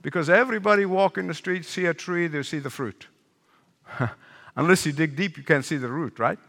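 An older man preaching a sermon as pastor, animated, repeating phrases for emphasis and asking the congregation questions. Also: on the high side, fairly quick, gravelly, big-room sound.

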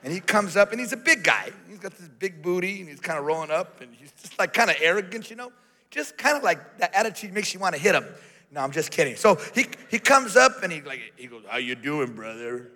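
A man, a pastor, preaching a sermon and telling a personal story, moving from hushed passages to shouted exhortation. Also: high voice, lively intonation, fast talker. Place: large church hall. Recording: long hall reverb.

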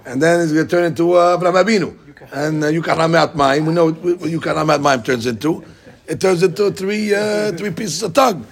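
Gravelly-voiced man teaching Talmud. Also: fairly high pitch, fairly quick. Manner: animated, explains by acting out both sides in quotes. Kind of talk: Talmud study class.

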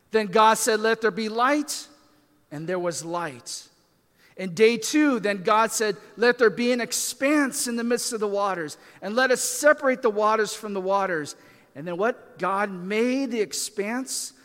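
A man's voice: high-pitched, fairly bright tone. Pastor guy giving a sermon, kinda casual with lots of "you know" and "right?", echoey church hall. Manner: conversational, self-deprecating asides with many fillers.

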